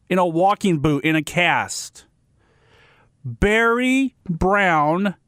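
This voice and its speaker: A man's voice: high-pitched, dry recording, clean studio sound. A man hosting a sports radio segment, giving blunt, ranting opinions and often restarting and repeating himself.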